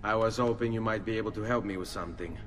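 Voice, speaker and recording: An actor playing a composed young male assassin, speaking calmly and earnestly. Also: lowish voice, fast, natural voice. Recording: long hall reverb. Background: faint game music.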